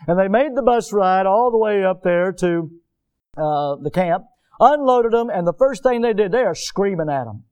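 A man preaches a sermon in a fairly high voice. He tells stories with lively animation and slips into other characters' voices as he goes. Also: normal speed, clear, resonant tone. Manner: animated storytelling, acts out voices.

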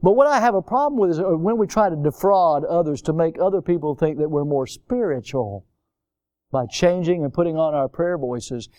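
A male pastor preaching a sermon, swinging between loud emphatic outbursts and low, quiet asides. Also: normal speed, dry recording, clean studio sound. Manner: animated, swings from loud high exclamations to low quiet remarks.

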